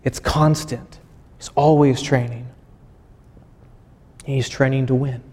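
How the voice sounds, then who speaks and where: A man, a pastor, preaching a sermon as animated storytelling and acting out voices. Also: mid-range voice, takes it slowly, in a large hall.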